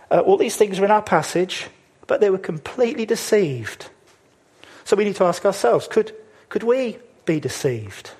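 A man with a fairly high, husky voice delivers a sermon. He speaks emphatically, posing rhetorical questions and drawing out key words for weight. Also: a little mellow. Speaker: preacher.

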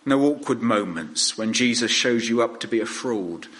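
A man preaching a sermon in a measured, earnest way, with pauses between phrases. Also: medium pitch, lively intonation, fairly bright tone, low-quality recording.

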